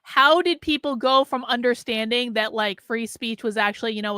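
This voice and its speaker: A woman's voice: a little high, fairly even intonation, normal speed, hardly any pauses, bright, forceful tone, clean tone, dry recording. A woman hosting a livestream, reacting to clips with blunt, sarcastic, incredulous commentary. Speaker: host, political commentator.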